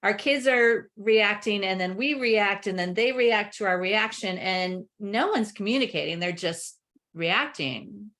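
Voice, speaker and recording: A middle-aged woman speaking as a parenting coach in a casual webinar discussion, lively and quick to act out other people's words. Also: medium pitch. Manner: lively, acts out family members' voices in quotes. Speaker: parenting coach and expert guest.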